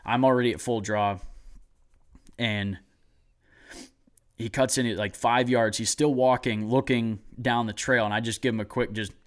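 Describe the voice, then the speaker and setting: A young man telling a hunting story in a casual chat, excited and rambling with lots of "like". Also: mid-range voice, moderate pace, long pauses, clean tone.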